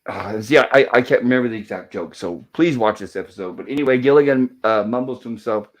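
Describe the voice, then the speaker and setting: A man with a mid-range pitch, neither high nor low, talks through an old sitcom episode slide by slide. He speaks loosely and informally, stopping often to correct himself or apologize for skipped jokes. He reads the characters' lines in his ordinary voice rather than acting them out. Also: a little fast. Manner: loose and apologetic, with frequent fillers and self-corrections. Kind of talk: casual episode recap over slides.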